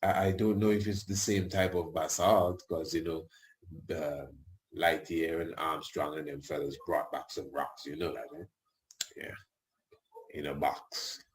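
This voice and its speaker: A man's voice: extremely low pitch, steady tone, unhurried. A man hosting a radio show, talking in a rambling, colloquial way with tag questions and chuckling asides. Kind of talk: casual radio talk.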